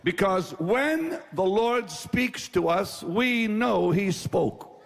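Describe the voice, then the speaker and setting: A man preaching with a high voice that rises and swells as he drives his point home. He tells his story in an emphatic, dramatic way and leans on repetition. His words ring out with a long reverb, as in a large hall. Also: lively intonation, slow, vocal fry, some chatter behind, slight background noise. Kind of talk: sermon storytelling.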